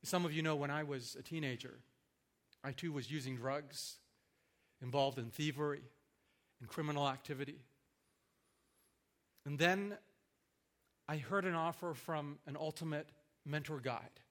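A man preaching a sermon in an earnest, reflective way, building in force and then softening. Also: on the high side, unhurried, pauses often.

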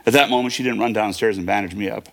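Fast-talking gravelly man in his fifties. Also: fairly low pitch, fairly even intonation. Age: 50s. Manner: vivid present-tense retelling with fillers and restarts. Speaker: guest. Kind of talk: personal storytelling.

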